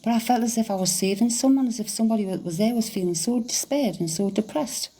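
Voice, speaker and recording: A middle-aged woman, chatting casually on a livestream, excitable, laughing often and swearing freely. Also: a little high, fast talker, slightly rough. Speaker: psychic medium livestreamer. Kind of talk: casual livestream chat reading comments.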